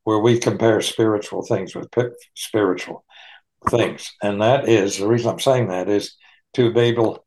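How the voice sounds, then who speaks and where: Unhurried man leading a Bible study. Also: on the low side, steady tone, a little mellow. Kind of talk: online Bible study teaching.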